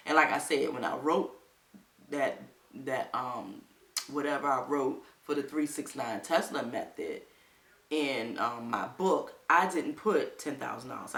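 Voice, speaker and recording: A woman chatting to her viewers in a casual, animated storytelling style, quoting people in livelier voices. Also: rumbling low, gravelly, echoey room, distant mic. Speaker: vlogger.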